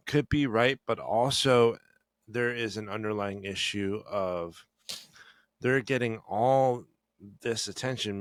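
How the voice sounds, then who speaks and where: A man's voice: lowish voice, a bit bright, no echo. A man co-hosting a podcast, rambling and hesitant, often restarting his thoughts. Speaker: podcast co-host. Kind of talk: casual podcast chat.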